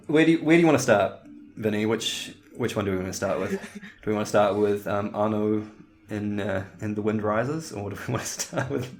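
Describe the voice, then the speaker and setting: A man's voice: on the low side, animated, measured pace, pauses often, fairly bright tone. A man co-hosting a podcast in casual chat, rambling and laughing often. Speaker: podcast co-host.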